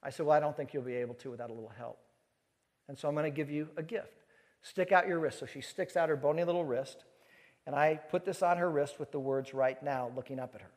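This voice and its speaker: A man preaching in a large hall, his voice carrying a long reverb. He tells his story with animated energy, acting out each exchange, at a slightly higher pitch than most men. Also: fast talker. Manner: animated storyteller who acts out dialogue. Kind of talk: sermon storytelling to a live audience.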